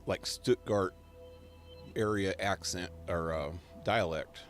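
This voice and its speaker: A man's voice: deep voice, takes it slowly, soft background music. A man streaming a game live, rambling and chuckling as he plays and talks to his dog. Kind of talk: live gameplay commentary.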